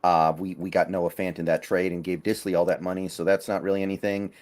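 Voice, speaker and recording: Male podcast co-host, slightly low voice, measured delivery. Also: flat delivery, darkish tone. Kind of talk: casual sports chat.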